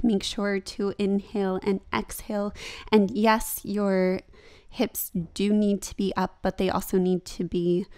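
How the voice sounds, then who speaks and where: A woman's voice: medium pitch, warm tone. A young woman talking casually over her own yoga practice as a vlogger, chatty and laughing at herself.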